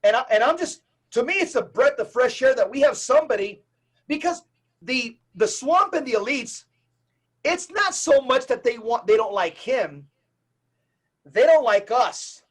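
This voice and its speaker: A man who is a Catholic evangelist, a guest on a podcast interview, talking in an emphatic, preacher-like, rapid-fire way. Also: very high voice, expressive, fairly bright tone.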